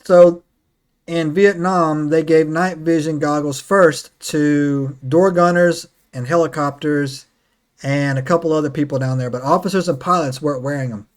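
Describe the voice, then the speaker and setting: Excitable man telling stories on a podcast. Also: fairly high pitch, normal speed. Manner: excitable storyteller, lots of "right?" and "man". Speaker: podcast host. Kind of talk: casual podcast chat.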